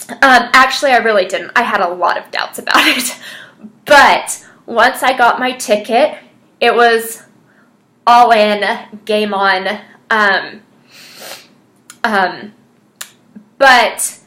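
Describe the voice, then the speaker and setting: A woman's voice: fairly high pitch, fairly bright tone. A woman telling her personal story as a fitness coach, earnest and chatty with lots of fillers. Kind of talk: personal story, casual monologue.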